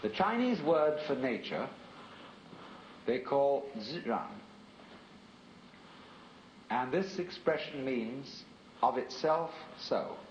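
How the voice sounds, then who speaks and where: A man giving a philosophical lecture in a measured, reflective and rhetorical way. The recording is an archival lecture tape. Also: mid-range voice, animated, reverberant, dull audio, a little hiss or hum.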